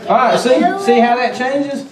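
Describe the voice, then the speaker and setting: A man's voice: extremely high pitch, moderate pace, a loud crowd. A man leading a children's church lesson, patient and coaxing, full of questions to the kids. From Georgia, US. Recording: echoey room from far off, kids chattering.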